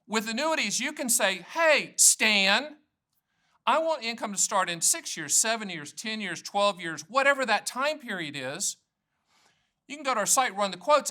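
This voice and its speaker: Older man, high bright voice, folksy joking salesman patter, explainer to camera. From North Carolina. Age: 60s. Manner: folksy, jokey salesman patter with self-promotion. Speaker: annuity agent hosting his channel.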